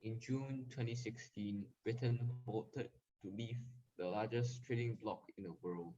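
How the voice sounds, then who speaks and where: A man's voice: lowish voice, steady tone, unhurried, dark tone, lo-fi sound, a little hiss or hum. A male student, carefully reading a passage aloud.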